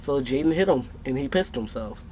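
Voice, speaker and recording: A man's voice: medium pitch, animated, brisk. Young man telling a profane story. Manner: profane, laughing, rambling. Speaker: storytime vlogger. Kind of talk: casual storytelling. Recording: dull lo-fi recording with faint noise.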